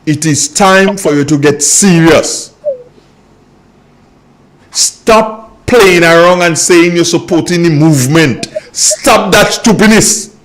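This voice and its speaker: A man's voice: fairly high pitch, slow pace, long pauses. A Grenadian man hosting a political radio talk show, scolding listeners and repeating points for emphasis.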